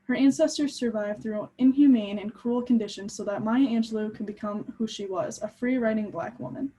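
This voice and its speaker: A young woman gives a class presentation, explaining her points earnestly from her notes. Her voice sits fairly high but has a mellow, warm tone. She stumbles now and then, pausing on an um or restarting a phrase. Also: poor audio. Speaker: student presenter.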